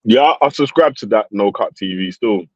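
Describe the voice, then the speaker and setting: Man, live stream caller, joking, lively pitch, muffled lo-fi audio. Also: normal speed, dry recording. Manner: joking, laughs a lot. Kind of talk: casual live stream chat.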